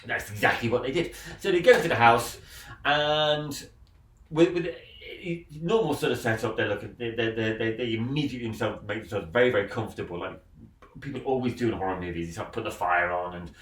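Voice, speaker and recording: A man's voice: medium pitch, brisk, a bit bright. A man hosting a film podcast, retelling a plot in a rambling way with many restarts. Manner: rambling, repeats words and restarts. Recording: roomy, distant mic with faint noise.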